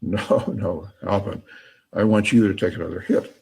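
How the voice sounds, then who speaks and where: A man voicing a booming, commanding God who gives orders in a joke. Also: fairly even intonation, moderate pace, husky, heavily acted. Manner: loud, insistent orders.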